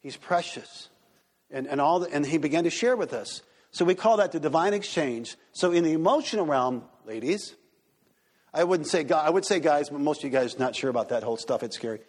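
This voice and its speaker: Man preaching in a church, kinda high voice, plays out little voices, echoey hall. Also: brisk. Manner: animated, acts out quoted voices. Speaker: pastor. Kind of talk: church teaching with Q&A. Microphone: handheld microphone. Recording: reverberant hall.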